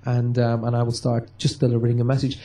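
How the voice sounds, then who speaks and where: Brit guy chatting in an interview, warm low-key voice, animated and joking. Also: quick pace. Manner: lively, joking, acts out dialogue. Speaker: medium and touring stage performer. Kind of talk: storytelling interview answers.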